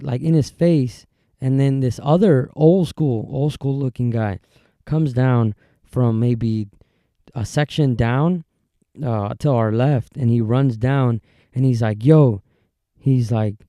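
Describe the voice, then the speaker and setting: Man with a very dark, dry voice. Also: mid-range voice, no room sound. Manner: rambling, filler-heavy storytelling with many restarts. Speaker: podcast host. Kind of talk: casual solo storytelling.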